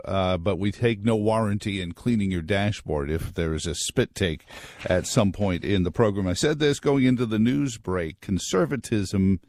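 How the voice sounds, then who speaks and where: Man, talk radio host, low voice, dry close studio sound, wry and joking, wanders off on tangents. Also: a little mellow, dry recording.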